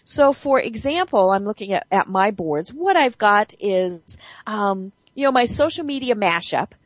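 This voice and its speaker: A woman's voice: medium pitch, a little slow, no room sound. A woman hosting a radio talk show, chatting with enthusiasm and stressing words. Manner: enthusiastic, emphatic, lively. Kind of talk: casual radio chat.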